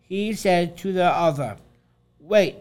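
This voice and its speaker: A man co-hosts a casual chat with his father, speaking slowly in a somewhat high voice. He talks in a hesitant, halting way, restarting short phrases and answering with short replies. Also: animated. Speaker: co-host.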